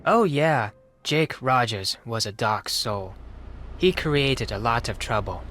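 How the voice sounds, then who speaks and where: A man's voice: mid-range voice, animated, slow pace, fairly bright tone, faint music behind. An actor playing a polite, earnest teenage boy exchange student with a Japanese accent, speaking in formal, careful phrases in a video game. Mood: solemn.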